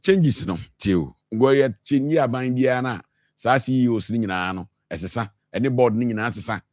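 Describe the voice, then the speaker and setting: On a radio talk show, a Ghanaian man argues with passion in a Ghanaian accent, blending English and Twi and repeating himself to drive his points home. His voice sits on the high side and is very animated and fairly quick. The recording is dry and studio quality.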